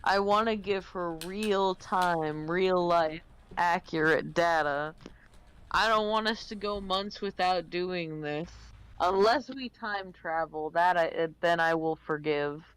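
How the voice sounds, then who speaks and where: A woman's voice: fairly low pitch, slow pace, clean tone. A woman chatting casually on a game stream, playful and jokey. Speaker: stream co-host. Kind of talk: casual gaming chat.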